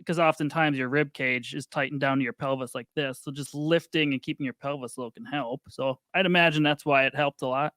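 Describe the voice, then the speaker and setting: A male podcast host explaining posture in a relaxed, casual way. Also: mid-range voice, brisk, few pauses, dry recording. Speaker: podcast host, physical therapist. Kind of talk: conversational podcast interview.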